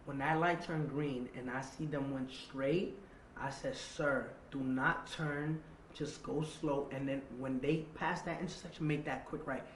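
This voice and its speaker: A man's voice: mid-range voice, fairly even intonation, measured pace, fairly bright tone. A man, telling a tense personal story in an interview, acting out quotes and swearing freely. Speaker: interview guest. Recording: echoey room with faint ambient noise.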